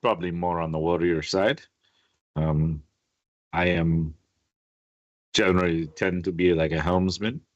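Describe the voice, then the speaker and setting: A man's voice: sits low, steady tone, unhurried, pauses often, no echo, highs cut off. A man doing an earnest sailor captain-of-crew.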